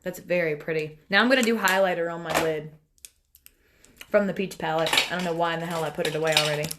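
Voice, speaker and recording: Young woman, casual makeup livestream, chatty, talks to viewers, phone camera, lowish voice. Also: steady tone, quick pace, heavy background noise. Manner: chatty, talks to viewers and family as she works.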